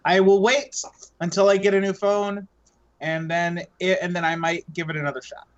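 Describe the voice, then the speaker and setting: A fairly high-voiced man co-hosts a podcast, restarting his sentences and swearing offhandedly. The sound is dull and lo-fi. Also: flat delivery. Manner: halting, casual, swears. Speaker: podcast co-host. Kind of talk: casual podcast chat.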